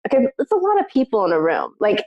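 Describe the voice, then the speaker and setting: A woman co-hosting a podcast, telling a personal story in casual chat, lively and peppered with "like", acting out what others said. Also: mid-range voice, fast talker. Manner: animated, acts out other people's lines in the story; frequent filler "like". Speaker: podcast co-host.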